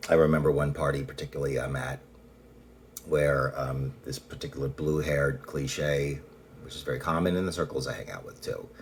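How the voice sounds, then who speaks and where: A man's voice: extremely low pitch, moderate pace, a little hiss or hum. A man talking in a casual personal monologue, rambling and blunt, often restarting sentences and swearing. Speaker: vlogger.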